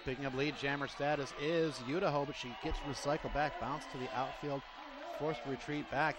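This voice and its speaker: A man's voice: medium pitch, a little fast. A man announcing a roller derby bout play by play, running energetically through rosters and action. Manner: energetic, rattles off names and numbers. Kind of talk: live sports commentary. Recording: crowd noise throughout. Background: crowd noise.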